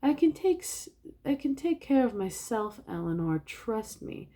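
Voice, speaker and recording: A woman's voice: on the high side, very animated, measured pace, dark tone, voice pushed up. A woman voicing a small, scrappy, cheerful man who tells corny jokes. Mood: chipper. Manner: chipper and eager, corny jokes.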